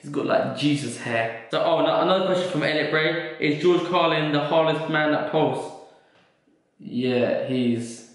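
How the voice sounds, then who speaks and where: A man's voice: on the high side, unhurried. A young man answering viewers' questions in a casual, joking vlog. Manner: chatty, joking, swears casually. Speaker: vlogger and fitness coach. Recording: very echoey room.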